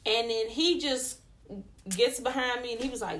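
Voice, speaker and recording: A woman co-hosting a podcast, telling a story in casual chat, animated and profane, laughing as she goes. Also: fairly high pitch, moderate pace, slight background noise. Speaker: podcast co-host.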